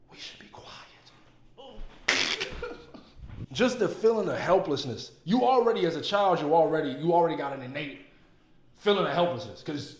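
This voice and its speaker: A man giving casual, emphatic movie commentary, excitable and full of profanity. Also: fairly high pitch. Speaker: movie reviewer. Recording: roomy echo.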